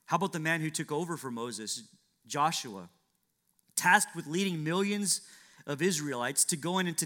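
A man's voice: on the high side, expressive, normal speed, bright, forceful tone. A man preaching a sermon, acting out biblical dialogue with dramatic shifts and asking rhetorical questions.

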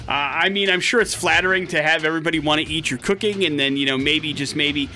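Bright, high-voiced male radio host. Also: fast, faint music behind. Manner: chatty and wry, with a dry joking aside. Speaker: radio morning show host. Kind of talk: casual radio banter, storytelling a news item.

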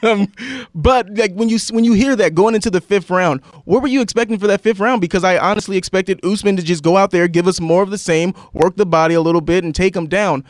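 A male radio host with a somewhat high voice, leading his guest through long, chatty questions. The sound is dry and close, with no room around it. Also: fast talker, no room sound. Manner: conversational, long lead-in questions. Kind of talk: interviewing a guest.

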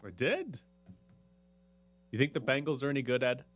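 A man's voice: medium pitch, moderate pace, no echo. A man hosting a sports radio show, talking casually and running through statistics with animation. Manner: animated, laughing, stats-heavy.

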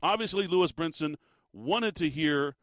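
A middle-aged man rants in an exasperated, animated way, often restarting his sentences. His voice sits fairly high for a man. The recording is close and dry. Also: moderate pace, dry recording. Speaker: commentator. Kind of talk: opinionated monologue.

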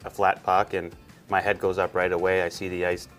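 A man, a hockey player, giving a relaxed, easygoing interview. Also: brisk, faint music behind. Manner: relaxed, low-key, easygoing. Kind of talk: casual interview.

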